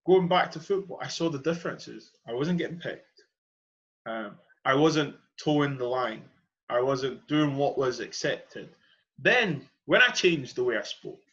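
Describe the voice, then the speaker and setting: A young man from Edinburgh, Scotland, hosts a podcast in a mid-range, fairly bright voice with lively intonation, speaking a little slowly over lo-fi sound. The talk is an earnest, passionate conversational monologue where he keeps stressing and repeating his key points.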